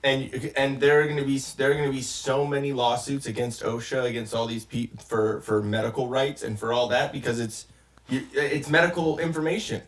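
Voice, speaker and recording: A man's voice: medium pitch, fairly even intonation, brisk, recorded from a distance. Man, casual reaction podcast, ranting, profane, echoey room. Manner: ranting, profane, rambling with restarts. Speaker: podcast co-host reacting to a clip.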